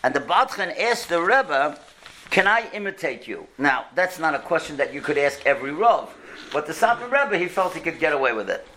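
A man with a somewhat high voice delivers a sermon, weaving in stories. He talks earnestly, pressing his points home and posing rhetorical questions to his listeners. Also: very animated, fairly quick, sharp tone, slight background noise. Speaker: religious speaker. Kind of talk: sermon with storytelling.

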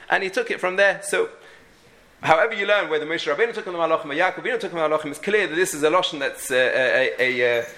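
A man's voice: on the high side, pushed and bright. A man teaching a halachic lesson, thinking aloud with frequent restarts and many Hebrew and Yiddish terms. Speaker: Torah teacher.

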